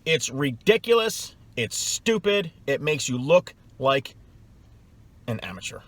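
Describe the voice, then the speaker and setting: A man's voice: fairly high pitch, sing-song, takes it slowly, dry recording. A middle-aged man coaching salespeople in a blunt, scornful way, hammering his points home through repetition. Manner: emphatic, scornful, repeats points for effect. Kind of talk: blunt advice vlog.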